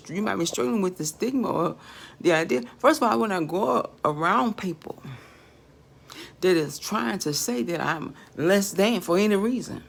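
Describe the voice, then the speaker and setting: A woman vlogger delivering a rambling, profane monologue that swings between quiet muttering and angry shouting. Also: lowish voice, gravelly.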